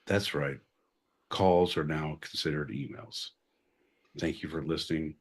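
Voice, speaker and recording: A man's voice: rumbling low, steady tone, a little slow. A man co-hosting a podcast, bantering sardonically with mock-grand announcements and frequent swearing. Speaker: podcast co-host. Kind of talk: casual comedic banter.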